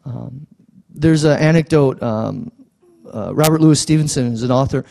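A man preaching a sermon as pastor in a conversational, halting way. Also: mid-range voice, vocal fry, mellow.

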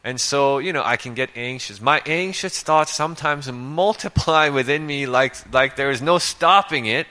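A man's voice: mid-range voice, moderate pace, few pauses, bright, forceful tone. A male preacher giving a conversational sermon, reading scripture and asking rhetorical questions.

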